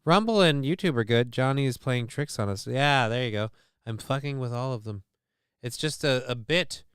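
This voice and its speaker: Man, livestream host, very clean smooth voice, dry close sound, swears a lot, sarcastic rambling. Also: mid-range voice, moderate pace, a bit bright, dry recording. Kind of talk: casual livestream chat.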